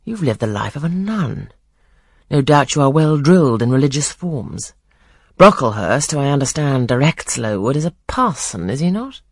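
A reader doing a husky, commanding gentleman. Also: mid-range voice, very animated, normal speed, no echo, clean studio sound. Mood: questioning. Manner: curt, imperious questioning. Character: stern brusque older gentleman, commanding. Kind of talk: audiobook reading of a classic novel.

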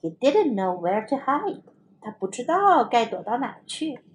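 A woman English teacher reading a children's story aloud in two languages, slow and expressive. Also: fairly high pitch, a little hiss or hum.

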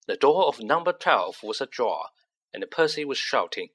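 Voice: medium pitch, normal speed, breathy edge. A narrator reading a children's story aloud, acting out each character. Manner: expressive, acts out each character. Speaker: audiobook narrator.

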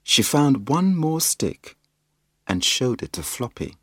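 Slow, very expressive storybook reader, a man. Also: mid-range voice, no echo, studio quality. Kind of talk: reading a children's picture book aloud.

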